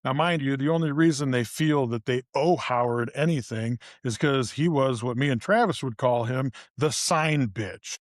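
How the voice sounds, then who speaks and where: A middle-aged man, co-hosting a podcast and ranting about local politics in a profane, animated way. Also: normal speed, hardly any pauses, no echo, clean studio sound. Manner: profane, animated storytelling with sudden pitch jumps. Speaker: podcast co-host. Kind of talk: casual ranting chat. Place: studio.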